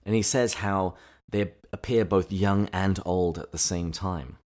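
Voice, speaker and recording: A man co-hosting a casual podcast, summarizing chapters and reflecting on them in a relaxed, thoughtful way. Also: low voice, measured pace. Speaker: podcast co-host. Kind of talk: casual book-discussion podcast.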